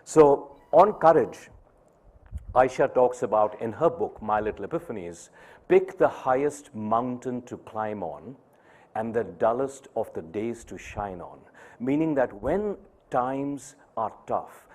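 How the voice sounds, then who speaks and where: A middle-aged man speaks to an audience in a measured voice. He tells a personal story and pauses often to stress his words. His pitch sits in an ordinary middle range for a man. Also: expressive, darkish tone. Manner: measured, pausing for emphasis. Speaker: speaker at an event.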